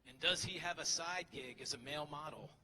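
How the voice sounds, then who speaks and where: A fairly high, sharp-toned man speaks a little fast into a podium microphone. The middle-aged teacher's graduation speech in a large hall is humorous, teasing, and self-deprecating, and the recording has hall reverb with faint crowd ambience.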